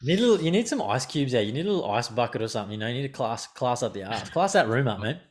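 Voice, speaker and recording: A man hosting a podcast, telling a story in casual chat, swearing and animated. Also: mid-range voice, racing. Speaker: podcast host.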